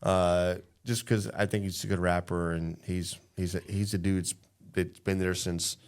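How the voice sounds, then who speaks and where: Man, low-ish pitch, emphatic rambling co-host for casual podcast chat. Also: level tone, unhurried, a little mellow, clear, resonant tone.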